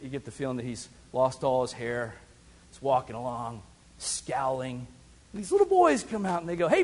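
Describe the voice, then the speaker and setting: A man preaching a sermon, swinging between loud emphatic peaks and quiet asides. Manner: dramatic preaching with big swings in pitch and loudness. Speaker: pastor. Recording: long hall reverb.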